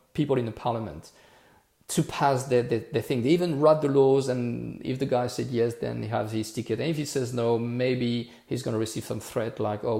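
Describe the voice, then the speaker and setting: A man's voice: mid-range voice, gravelly, dark tone, roomy sound. A man from France, hosting a casual live Q&A and answering viewer comments in an earnest, repetitive way full of restarts. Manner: earnest, repetitive restarts, says "okay" and "bro" often.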